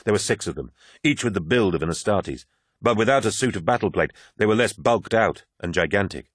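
A man narrates an audiobook in a low voice, reading with measured drama. The sound is close and dry, with no room around it. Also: expressive, no echo. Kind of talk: scripted narration.

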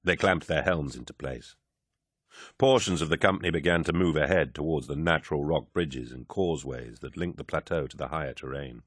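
Very deep male audiobook narrator. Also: brisk, fairly bright tone, slightly rough, no echo, clean studio sound. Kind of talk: scripted narration.

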